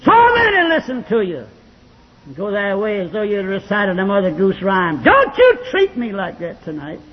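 A man preaching a fiery sermon as pastor, with a husky voice. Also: high-pitched, huge pitch swings, normal speed. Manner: fiery Southern preaching cadence, rising to shouts. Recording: lo-fi archival church recording with long reverb.

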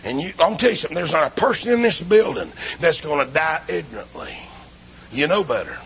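A man preaching a revival sermon in a church, swinging between shouting and low, hushed lines. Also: sing-song, fast, a little hiss or hum. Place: church building.

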